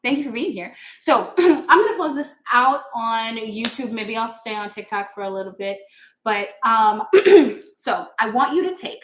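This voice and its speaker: A woman's voice: fairly high pitch, animated, moderate pace, slight background noise. Chatty woman livestreaming in an echoey room. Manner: chatty, earnest, laughs often, reads comments aloud. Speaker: yoga teacher and livestream host. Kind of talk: casual livestream chat with viewers.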